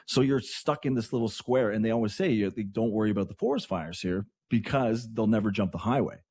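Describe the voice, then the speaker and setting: Husky, chatty radio host from Canada. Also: male voice, lowish voice, a little fast, dry recording. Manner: chatty, rambling, excitable asides. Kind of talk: morning radio talk.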